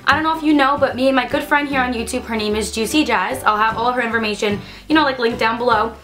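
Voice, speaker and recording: A woman's voice: on the high side, fast, sharp tone, soft background music. A young woman vlogging casually at home, bubbly and gushing, squealing with delight as she talks. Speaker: beauty vlogger. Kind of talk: casual unboxing vlog.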